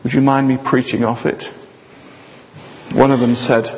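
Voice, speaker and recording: A man preaching a sermon with jokey asides, swinging between loud, high passages and low, quiet ones. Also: flat delivery, unhurried, vocal fry, a little hiss or hum. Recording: dull sound with long hall reverb.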